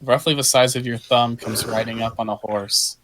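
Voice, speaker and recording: A man narrating a tabletop role-playing game as game master, in a playful, relaxed storytelling manner. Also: mid-range voice, moderate pace, slight background noise.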